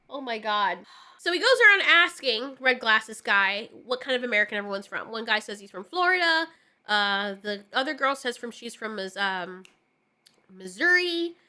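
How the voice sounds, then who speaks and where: A woman's voice: on the high side, expressive, normal speed, pushed and bright. A woman giving a ranting casual film review, exasperated and sarcastic, swearing often. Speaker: movie reviewer.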